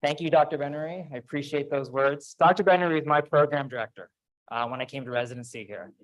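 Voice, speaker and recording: A man's voice: a little high, quick pace, poor audio. A man at a podium in a big auditorium gives a ceremony speech. He talks in a loose, chatty way and pokes fun at himself as he tells stories. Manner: casual, self-deprecating storytelling. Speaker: faculty speaker. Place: large auditorium. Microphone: podium microphone.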